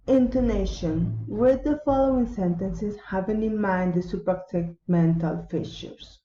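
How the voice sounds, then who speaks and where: A woman teaching English pronunciation, slowly reading word pairs and example sentences aloud to model sounds and intonation. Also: medium pitch, mellow, roomy sound, highs cut off. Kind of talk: slow read-aloud pronunciation drill.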